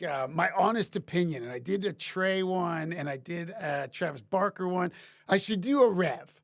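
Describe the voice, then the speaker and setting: A man's voice: high-pitched, gravelly, no room sound, clean studio sound. A man in his forties hosting a live-stream Q&A from a basement, talking casually and rambling with lots of fillers and restarts.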